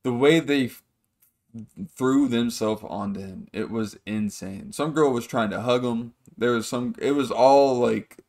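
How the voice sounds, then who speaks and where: A man's voice: mid-range voice, a little slow, a little mellow. A man hosting a podcast, rambling through a casual story, swearing freely and acting out the people in it. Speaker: podcast host.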